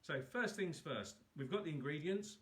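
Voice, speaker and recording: Leading viewers step by step through a relaxed live cooking demo, the host chats casually and teases himself along the way. He speaks at a moderate pace in a fairly high, expressive voice.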